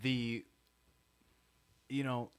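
A man's voice: mid-range voice, little pitch movement, very slow, clean tone. A man co-hosting a casual podcast, earnest and emphatic, often repeating himself. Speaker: podcast co-host. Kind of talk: casual chat.

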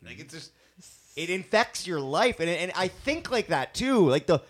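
Animated playful man. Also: high-pitched, normal speed. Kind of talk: casual chat.

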